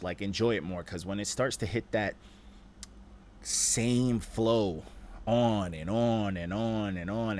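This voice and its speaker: A man with a lowish voice gives a loose, slang-heavy critique of rap verses as a stream host. He keeps circling back with "you know what I'm saying" and talks with easy energy. A faint hum of background noise sits under him. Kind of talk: casual critique of rap submissions.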